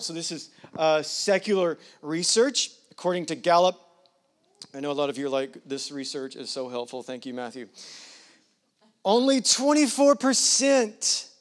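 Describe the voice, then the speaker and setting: A man preaching a sermon as pastor, talking casually with digressions and leaning hard on statistics. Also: on the high side. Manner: conversational, digressing, emphatic on numbers.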